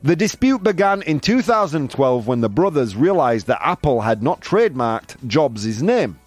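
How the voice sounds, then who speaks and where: A man's voice: medium pitch, sing-song, moderate pace, a little mellow, dry recording, faint music behind. A man from the United Kingdom hosting a casual live-stream chat, reading viewer comments with a sarcastic, laughing manner. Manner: sarcastic, laughs at own jokes, chatty. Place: room with air conditioner running.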